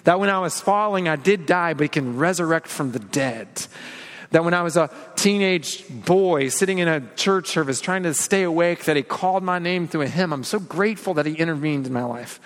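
A man's voice: a little high, moderate pace, a bit bright, big-room sound. A man preaching an earnest, confessional sermon, leaning on repeated phrases and rhetorical questions. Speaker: pastor.

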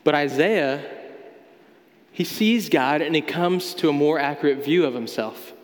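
Pastor preaching in a reverberant hall. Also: male voice, a little high, a little slow. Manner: conversational preaching with relatable modern examples. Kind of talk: sermon.

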